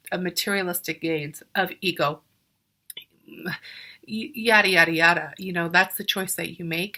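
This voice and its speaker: A woman's voice: on the low side, sharp tone. A young woman, a spiritual coach, gives a casual tarot reading straight to her viewers, earnest and often searching aloud for the right word. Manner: earnest, addresses viewers directly, searches for words mid-sentence.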